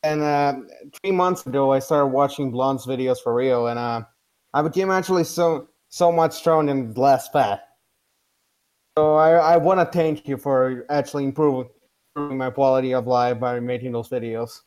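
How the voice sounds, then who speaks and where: A man's voice: mid-range voice, moderate pace, darkish tone, clear, resonant tone. Hesitant teenage boy calling in. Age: teens. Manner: hesitant, grateful, with many fillers. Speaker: caller. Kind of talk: casual call-in chat.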